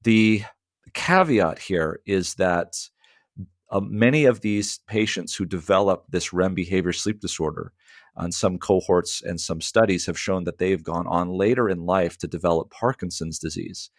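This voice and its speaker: A man's voice: deep voice, normal speed, dry recording, clean studio sound. A man, a sleep medicine doctor, explaining clinical matters in a radio interview, with frequent fillers.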